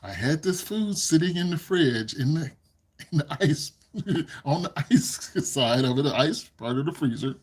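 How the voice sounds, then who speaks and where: A man's voice: on the high side, expressive, a little slow, darkish tone, breathy edge. A man hosting a casual livestream, chatting with his viewers, giggling often and rambling as he repeats himself into a desk microphone. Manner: giggly, laughs often between sentences. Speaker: livestream host.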